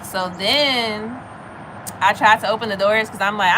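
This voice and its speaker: A woman in her thirties chatting casually with viewers, telling a story in an animated way. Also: unhurried, noisy background. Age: 30s. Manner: animated, acts out other people's lines in a high voice.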